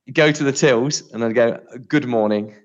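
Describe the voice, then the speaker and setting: A West Country man from near Bristol co-hosts a podcast, rambling casually and poking fun at himself. His mid-range voice moves briskly, and the recording's highs are cut off.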